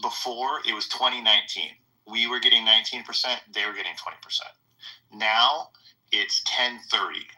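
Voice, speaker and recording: A man's voice: on the low side, steady tone, moderate pace, bright, forceful tone, poor audio. A man calling in with casual political commentary, emphatic and rambling as he leans on numbers. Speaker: caller.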